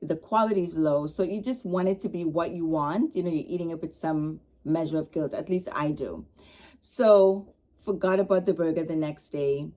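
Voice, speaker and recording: A middle-aged woman telling a casual story as a podcast host, animated, acting out the dialogue she quotes. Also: sits low, normal speed. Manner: animated, retells her upset with quoted dialogue.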